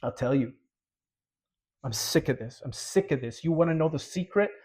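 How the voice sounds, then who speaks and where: A man's voice: a little high, animated, moderate pace, a little mellow, husky. A man preaching who voices a worn-down biblical strongman, exasperated and sighing at being nagged.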